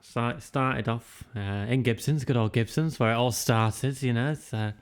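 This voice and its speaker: A man's voice: medium pitch, measured pace, smooth. A young man, co-hosting a podcast, teasing and giggly in a casual storytelling chat. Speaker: podcast co-host.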